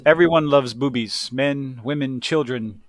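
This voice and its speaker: A man's voice: medium pitch, unhurried, dry recording, studio quality. A man co-hosting a casual podcast chat, crude and ranting, laughing easily. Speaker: podcast co-host.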